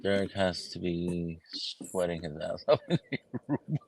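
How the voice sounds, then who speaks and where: A man's voice: low-pitched, expressive, a little slow, gravelly, darkish tone. A man hosting a casual livestream chat, swearing freely and laughing often. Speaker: livestream host. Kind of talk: casual chat over drinks.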